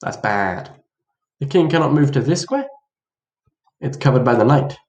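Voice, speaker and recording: A man walks through a chess opening in a playful, mock-dramatic way, voicing both players' reactions. His voice sits at a middle pitch. The room around him rings with a noticeable echo. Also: lively intonation, normal speed, a little mellow, highs cut off. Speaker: chess teacher. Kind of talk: casual chess lesson. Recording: roomy echo.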